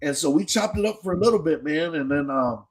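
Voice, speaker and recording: Man, podcast host, casual storytelling, slightly high pitch, slangy and profane, restarts a lot. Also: lively intonation, fairly quick, rough recording.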